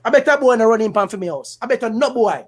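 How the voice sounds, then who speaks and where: A Jamaican man hosting a casual political commentary stream, animated and emphatic, switching between patois and standard English, laughing and repeating lines for effect. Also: extremely high pitch, fast.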